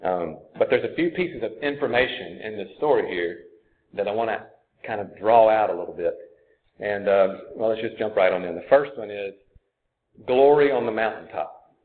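A pastor, a man with a fairly low voice, preaches in an earnest, conversational way, working through his points out loud. The sound is thin and tinny, like it came over a phone line. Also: moderate pace. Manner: conversational, earnest, thinks aloud. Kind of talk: sermon.

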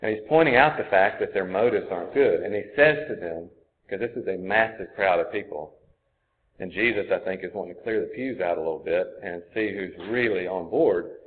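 A man's voice: low voice, a little fast. A man preaching a sermon, earnest and conversational, often thinking aloud as he goes. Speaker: pastor. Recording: tinny phone-like sound.

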